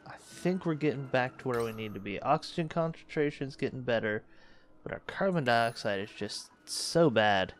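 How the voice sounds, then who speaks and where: A man's voice: mid-range voice, expressive, moderate pace, slight background noise. A man hosting a let's play, thinking aloud and correcting himself as he manages a space colony game. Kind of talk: casual gameplay commentary.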